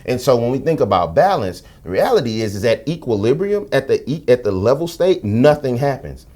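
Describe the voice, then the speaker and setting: Frank, animated middle-aged man. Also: medium pitch, a little fast. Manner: frank, animated storytelling with profanity and slang. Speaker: podcast guest. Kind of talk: candid conversational interview.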